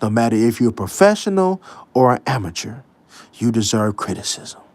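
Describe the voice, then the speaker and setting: A man's voice: medium pitch, big pitch swings, moderate pace, no room sound. A man hosting a casual sports commentary show, ranting bluntly and profanely, often repeating his lines for emphasis.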